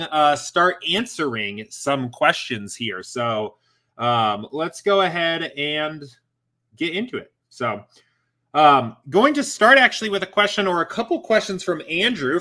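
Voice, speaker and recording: A man hosts a casual fantasy sports Q&A live stream from home, slightly out of breath and rambling with plenty of fillers and self-corrections. His voice is a little high, bright and forceful.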